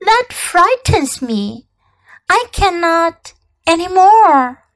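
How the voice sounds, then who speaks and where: Woman playing a shy little prince, polite, very high voice, slow. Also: animated, fairly bright tone, heavily acted. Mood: timid. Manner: timid, polite. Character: timid, tired little boy prince. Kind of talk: storybook read-aloud.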